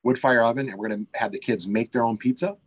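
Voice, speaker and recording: A man who runs a pizza shop talks quickly and loosely in an interview. He rambles with eager energy, stacking fillers and restarting his sentences. His voice sits at an ordinary middle pitch for a man. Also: breathy edge. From United States. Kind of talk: casual interview chat.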